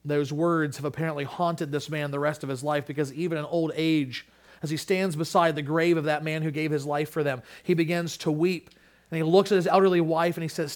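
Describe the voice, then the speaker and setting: A man preaching a sermon and closing in prayer, swinging between hushed lines and loud, stressed declarations. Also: fairly high pitch, fairly even intonation, a little fast. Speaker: pastor.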